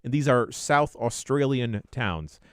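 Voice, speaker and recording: A man hosts a podcast quiz, reading each question with a lively, bouncing pitch. His voice is dry and close on a studio mic, with no room sound. The delivery is wry and casual. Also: slow, no echo. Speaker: podcast host running a quiz.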